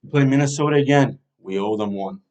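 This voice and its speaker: A man's voice: mid-range voice, quick pace, a little mellow. A man hosting a fan podcast, casually previewing a hockey team's schedule and thinking aloud as he talks.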